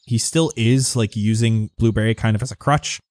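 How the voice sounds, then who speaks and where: A man's voice: fairly low pitch, moderate pace, a little mellow, no room sound. A man narrating a tabletop game as game master, describing scenes loosely with lots of fillers.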